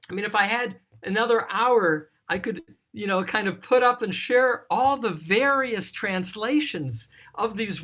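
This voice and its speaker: A teacher leading a text study, explaining scripture in a deliberate, thoughtful way and lingering on single words. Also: mid-range voice, fairly bright tone. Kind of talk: slow explanatory scripture lesson.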